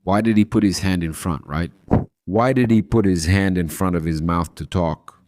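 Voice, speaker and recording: Brazilian-born football host, deep, indignant repetitive ranting, dry close sound. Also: male voice, normal speed, darkish tone, no echo. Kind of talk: ranting fan commentary.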